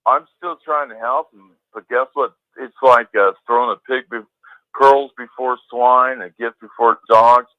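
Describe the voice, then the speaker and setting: A man's voice: medium pitch, fairly even intonation, unhurried, dry recording. Man ranting heatedly over a phone line. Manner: emphatic, heated, swears. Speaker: caller. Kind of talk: call-in ranting.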